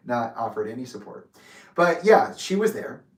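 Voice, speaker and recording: A young man telling a personal story in an emotional monologue, getting heated and swearing as he vents. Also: mid-range voice. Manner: angry, heated, swearing, acts out quoted arguments. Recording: roomy echo, voice a bit distant from mic.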